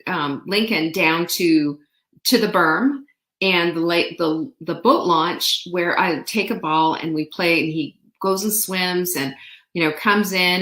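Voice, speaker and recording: A woman hosting a show, telling a story in a chatty, animated way with playful asides. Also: on the low side. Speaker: show host. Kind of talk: casual storytelling monologue. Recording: roomy echo.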